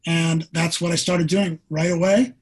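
A man's voice: on the high side, flat delivery, unhurried, husky. A middle-aged man, a former pro football player, telling an earnest personal story in an interview.

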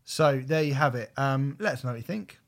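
A man's voice: medium pitch, fairly quick. A man co-hosting a music podcast, rambling and searching for words, swearing casually. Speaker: podcast co-host. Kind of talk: casual chat about music albums.

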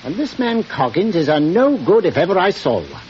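An actor playing a gruff, blunt ship captain in a vintage radio drama, grumbling about his crew. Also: sits high, big pitch swings, moderate pace, darkish tone. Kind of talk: 1940s radio acting. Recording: muffled old radio broadcast with hiss.

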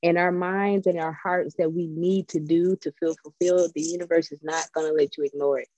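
A woman in a casual spiritual chat, telling stories in a chatty, animated, digressive way. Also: on the low side, a little fast, no room sound, rough recording. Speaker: spiritual guest.

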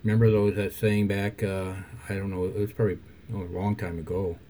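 An older man who reads his own poems aloud and muses on them in a halting, self-correcting way. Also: sits low, flat delivery, warm tone, slight background noise. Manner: halting, self-correcting, faith-focused musing. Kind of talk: reflective conversation and poetry reading.

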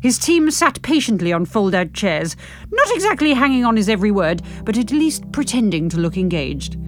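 Animated woman reading her novel. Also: medium pitch, normal speed. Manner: expressive, animated narration with frank humour. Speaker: author reading her own book.

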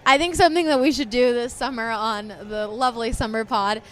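A woman's voice: fairly high pitch, a little fast, a bit bright, a little hiss or hum. A young woman co-hosting a sports podcast in casual chat, laughing easily and running through news with some hesitations. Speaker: podcast co-host.

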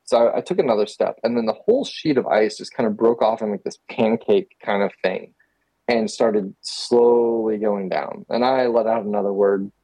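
A man's voice: lowish voice, moderate pace, no echo, low-quality recording. A man from Texas, a guest photographer, telling a story in casual chat with lots of fillers and laughs. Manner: animated, laughing, many fillers.

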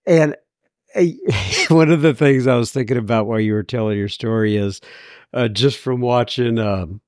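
A man's voice: mid-range voice, normal speed, a little mellow, dry recording, clean studio sound. A man hosting a recovery podcast, enthusiastic and easygoing, wrapping up an episode. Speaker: podcast host. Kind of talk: casual podcast chat.

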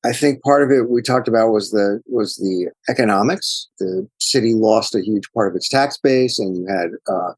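Male author guest, deeper husky voice, digressive thoughtful storyteller, dry close sound. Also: normal speed, hardly any pauses, no echo, poor audio. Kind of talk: interview answers.

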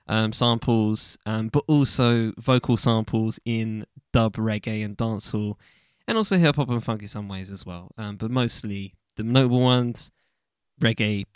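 A man's voice: lowish voice, clean tone, no echo, studio quality. A young man from the UK hosting a casual solo podcast, rambling loosely with lots of ums and casual swearing. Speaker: podcast host.

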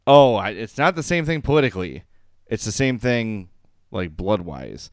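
Chatty podcast guy, voice bounces all over, smooth clean sound, dry close mic. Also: fairly low pitch, very animated, normal speed, dry recording. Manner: chatty, rambling storyteller who laughs easily. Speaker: podcast co-host. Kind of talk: casual sports podcast chat.

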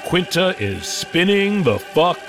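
A man's voice: high-pitched, big pitch swings, slow pace, over music. A man narrating a story in a playful, mock-dramatic way. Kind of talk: dramatic narration over music.

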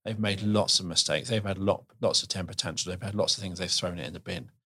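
A man's voice: low voice, quick pace, pushed and bright, no room sound. A man hosting a podcast talks casually and earnestly, often restarting his sentences as he works through his point. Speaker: podcast host.

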